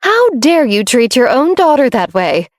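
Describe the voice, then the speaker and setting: A woman's voice: high-pitched, sing-song, moderate pace, no room sound, studio quality, pitched above the performer's own voice. A woman voicing a cold, haughty middle-aged stepmother with a prim, condescending manner. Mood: frosty.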